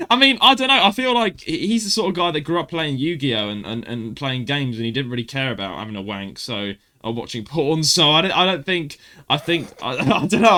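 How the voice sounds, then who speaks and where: A man's voice: a little high, sharp tone. A young man co-hosting a casual podcast, telling stories animatedly and mimicking voices. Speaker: podcast co-host. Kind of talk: casual chat.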